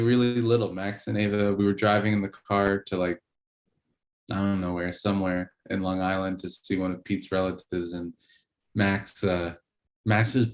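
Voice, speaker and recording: A man co-hosting a casual podcast, telling a rambling story with lots of fillers and laughter. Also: on the low side. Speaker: podcast co-host. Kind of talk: casual chat.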